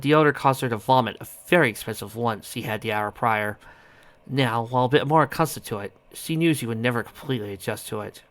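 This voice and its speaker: Man, story reader, bright tense tone, stumbles and self-corrects. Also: medium pitch. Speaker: audiobook reader. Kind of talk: reading a fan story aloud.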